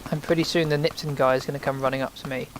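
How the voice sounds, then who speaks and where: A man's voice: medium pitch, steady tone, rapid-fire, a little hiss or hum. A man giving rambling, casual commentary while playing a video game, sometimes swearing when startled. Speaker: let's play host.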